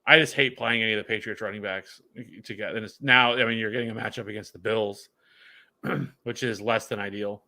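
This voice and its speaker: A man's voice: on the low side, fairly even intonation, fairly quick, gravelly, bright, forceful tone. A man co-hosting a fantasy football show in casual chat, rambling with frequent restarts and fillers.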